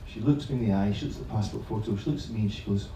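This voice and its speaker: A man's voice: fairly low pitch, rapid-fire, dark tone, slight background noise. A man, a teacher trainer, telling a comic story live to an audience, chatty and self-mocking, swearing freely. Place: large echoing room at an evening event. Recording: very echoey room, voice far from the mic.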